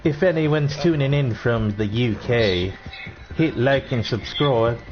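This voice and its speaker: A man's voice: mid-range voice, takes it slowly. A man co-streaming a game, joking in a drawl and laughing often. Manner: drawling jokes and frequent laughter. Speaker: gamer co-streamer. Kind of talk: joking gaming chat. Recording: dull lo-fi stream with loud game music.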